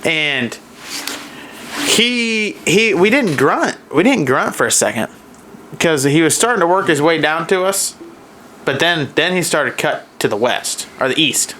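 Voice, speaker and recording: A man's voice: a little high, a little slow, slight background noise. A man co-hosting a podcast, casually retelling a deer hunt and acting out what the deer were thinking. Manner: animated storyteller, acts out deer thoughts. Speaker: podcast co-host. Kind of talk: casual hunting story chat.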